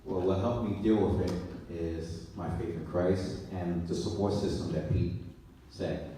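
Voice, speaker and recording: A police officer on a live panel, speaking in a measured, earnest way. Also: male voice, low-pitched, steady tone, background noise. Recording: echoey hall, distant mic.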